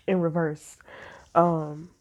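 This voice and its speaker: A woman's voice: sits low, level tone, slow pace. A woman tarot reader telling a story in a blunt, emphatic way, with a lot of swearing. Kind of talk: casual storytelling.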